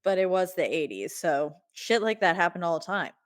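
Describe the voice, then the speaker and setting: A woman's voice: fairly low pitch, a little fast. A woman in her thirties from Texas, co-hosting a podcast and recapping a film in casual, chatty talk with lots of fillers and laughs. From Texas, United States. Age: 30s. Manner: chatty, laughs often, storytelling with many fillers. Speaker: podcast co-host.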